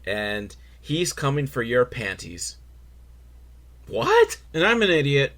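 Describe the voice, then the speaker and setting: A man hosting a podcast, recapping a film in a crude, rambling, self-mocking way with sudden loud outbursts. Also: mid-range voice, wildly swooping pitch, slow, creaky. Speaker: podcast host reviewing a film. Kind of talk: casual comedic film recap.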